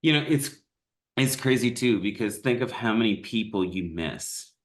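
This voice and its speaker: A man's voice: lowish voice, animated, moderate pace. A man co-hosting a sales talk in a casual, agreeing way, laughing easily. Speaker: co-host. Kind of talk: casual chat.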